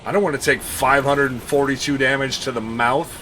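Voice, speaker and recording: A sulky male vulture grumbles his complaints half-heartedly, as a man voices him while streaming a game. The tone stays bright and edgy, more grumpy than fierce. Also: medium pitch, steady tone, fairly quick, a little hiss or hum, lightly acted. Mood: grumbling.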